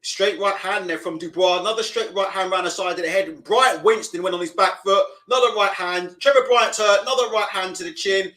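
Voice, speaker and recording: A young man with a fairly high voice chats casually over a live boxing stream. He rambles, swears freely and reads viewers' comments aloud between bits of commentary. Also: fairly quick, hardly any pauses, sharp tone, rough recording.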